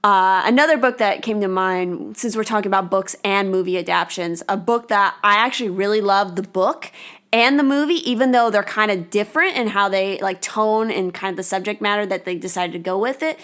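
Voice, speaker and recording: A woman's voice: mid-range voice, fairly quick, a bit bright. Thoughtful woman podcast co-host. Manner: thoughtful, searching for words. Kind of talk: casual podcast chat.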